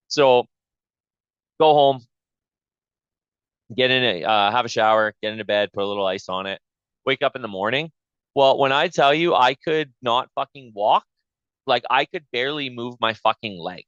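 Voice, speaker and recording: Pausing often at a normal speed, a podcast host with a medium-pitched, clear, resonant voice retells a story in casual chat. He swears liberally and animatedly acts out both sides of the exchange. The audio is dull but without echo.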